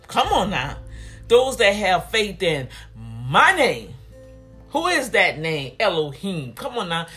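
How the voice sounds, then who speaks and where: A preacher delivering a fervent sermon, urging the congregation to respond and repeating phrases in bursts that swing between loud and soft. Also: mid-range voice. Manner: fervent, repetitive call-and-response, big swings in loudness.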